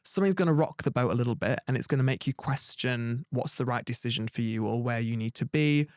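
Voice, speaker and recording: A man's voice: medium pitch, quick pace, dry recording, studio quality. A man giving a tarot reading, talking in a rambling, earnest way full of "like" and restarts. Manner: rambling, many "like" fillers and restarts; earnest and reassuring. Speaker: tarot reader.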